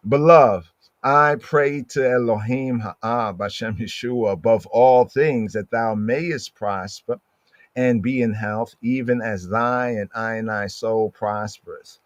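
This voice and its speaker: A man leading a scripture study in a plain, middle-pitched voice. He talks conversationally and keeps checking in with "right?" and slows right down when he reads a verse. The sound is dry and close, with no room echo. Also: highs cut off. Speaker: Bible teacher.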